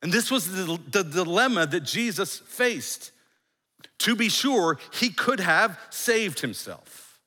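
A man preaching a sermon as a pastor, emphatic, repeating phrases and dropping to a hush for effect. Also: high voice, animated, slow pace, big-room sound. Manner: emphatic, with repeated phrases and dramatic hushed drops.

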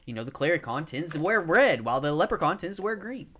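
A man's voice: fairly high pitch, big pitch swings, quick pace, a bit bright. A man voicing a chatty male tour guide at a castle, talking casually and rambling on in a tabletop role-play. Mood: breezy. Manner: casual, rambling, name-dropping.

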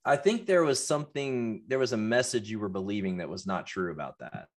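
A man's voice: lowish voice, animated, fairly quick. Playful, teasing man co-hosting a podcast. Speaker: podcast co-host. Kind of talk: casual podcast chat.

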